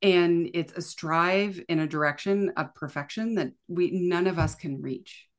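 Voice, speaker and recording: A woman from Canada, a podcast guest, talking in a casual, animated way full of "like" fillers. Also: lowish voice, measured pace. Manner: animated, chatty, lots of fillers like "like". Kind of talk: casual conversational interview.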